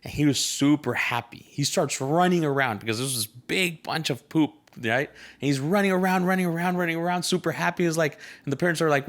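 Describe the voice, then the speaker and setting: A man's voice: on the high side, fairly quick, hardly any pauses, a bit bright. A man, a real estate agent, giving a casual motivational talk to the camera, rambling and correcting himself as he tells a joke. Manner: upbeat, rambling, storytelling with self-corrections. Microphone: camera mic, filmed by a team member.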